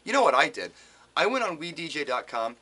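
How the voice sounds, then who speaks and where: A man's voice: a little high, fairly quick. A middle-aged man from Wisconsin, a DJ giving casual advice to other DJs and acting out callers in changing voices. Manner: animated, acts out quoted callers in shifting voices.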